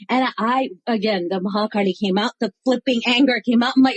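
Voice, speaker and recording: A woman guest in an interview, telling stories in a lively, animated way with frequent laughter and acted-out dialogue, with an American accent. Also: on the high side, brisk, slightly rough, dry recording, rough recording. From United States. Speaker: interview guest, artist and chaplain. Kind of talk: animated storytelling in conversation.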